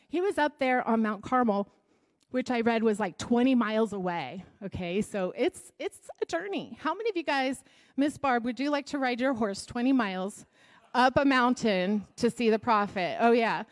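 A woman preaching, a little high. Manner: conversational, asks the audience questions. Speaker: Bible teacher. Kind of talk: sermon.

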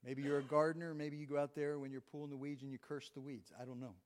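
A man's voice: on the high side, level tone, quick pace. A man preaching a sermon in a conversational way, reading scripture aloud between his own remarks. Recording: long reverb of a large hall.

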